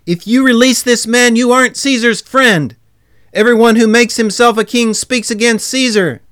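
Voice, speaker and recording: A man voicing an angry mob in a dramatized scripture reading, shouting forcefully. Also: extremely high pitch, steady tone, moderate pace, no echo, studio quality, pitched above the performer's own voice.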